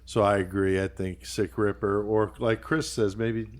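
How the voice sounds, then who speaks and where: A man's voice: fairly low pitch, level tone, moderate pace. A man hosting a podcast, reacting with laughing enthusiasm and moving the chat along. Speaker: podcast host.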